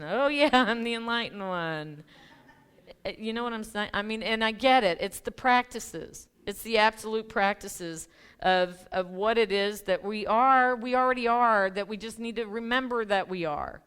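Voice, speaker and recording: A middle-aged woman minister talks through her sermon in a relaxed, chatty way, full of ums, restarts and laughing asides. Her voice is smooth and clear at a middle pitch. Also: normal speed. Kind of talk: casual conversational sermon. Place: church sanctuary.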